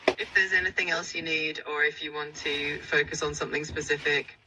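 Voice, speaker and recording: A woman's voice: low voice, flat delivery, fairly quick, pushed and bright, distant mic, slight background noise, rough recording. A woman's AI assistant voice with a standard modern British accent, upbeat and reassuring. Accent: standard modern British English. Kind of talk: synthetic assistant speech.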